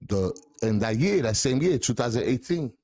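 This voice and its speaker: A man's voice: mid-range voice, lively intonation, normal speed, warm tone, dry recording. A man, a podcast guest telling a long personal story in heavy street slang, checking in with "you heard?". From the Bronx, New York. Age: 40s. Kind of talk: casual storytelling.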